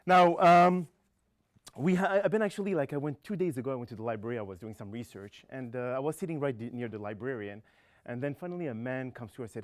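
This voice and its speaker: A man's voice: mid-range voice, moderate pace. Man hosting a comedy show. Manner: loose, rambling, laughs at his own jokes. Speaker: show host. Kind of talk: casual hosting with jokes.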